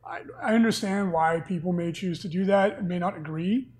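A man hosting a casual podcast, talking things through in a measured, chatty way. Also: high voice, a little mellow. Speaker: podcast host.

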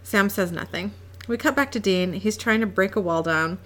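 A woman reading a drama script aloud with narration and casual banter, quick to laugh. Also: mid-range voice, a bit bright.

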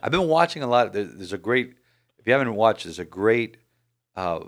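A man hosting a casual sports podcast, animated and rambling with frequent restarts. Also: fairly low pitch, normal speed. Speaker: podcast host.

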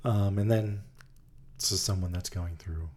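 A man co-hosting a Christian podcast, chatting in a relaxed way with plenty of filler words. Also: deep voice, a little slow. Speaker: podcast co-host. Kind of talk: casual faith chat.

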